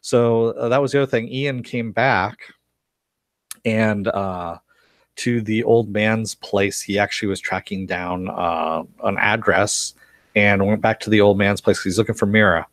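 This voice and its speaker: A man's voice: fairly low pitch, fairly even intonation, unhurried, a bit bright, no room sound. Rambling man on a dry close mic. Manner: rambling, laughs often, many fillers and restarts. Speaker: live stream host reviewing a TV series. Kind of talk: casual live-stream recap, reading chat comments.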